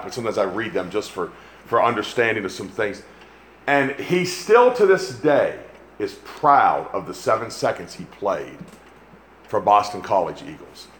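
A man preaching a sermon, climbing to loud emphatic peaks and dropping back to low, quiet asides. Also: a little hiss or hum. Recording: echoey room with faint ambience.

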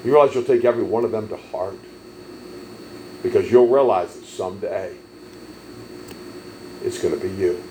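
A man preaching a sermon, telling stories emphatically and swelling loud on key lines. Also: on the low side, normal speed, long pauses, a little hiss or hum, rough recording. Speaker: pastor.

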